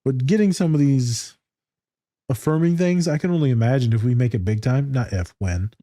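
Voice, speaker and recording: A man with a warm, mellow voice chats casually on a podcast, getting excitable and swearing freely. His voice is mid-pitched and sounds dry and close, with no room around it. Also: normal speed, no echo. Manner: excitable, profane, laughs often. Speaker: podcast co-host.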